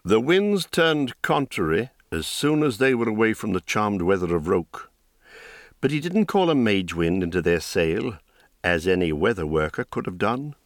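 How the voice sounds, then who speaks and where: A man reading a fantasy novel aloud in a measured, deliberate storytelling voice. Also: fairly low pitch, big pitch swings, no echo, studio quality. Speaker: audiobook narrator. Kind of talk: scripted narration of a fantasy novel.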